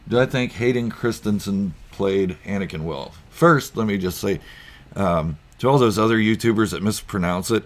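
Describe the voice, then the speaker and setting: A man's voice: deep voice, moderate pace. A man hosting a casual live stream from home, rambling through viewer comments with lots of ums and chuckles. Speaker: YouTube channel host.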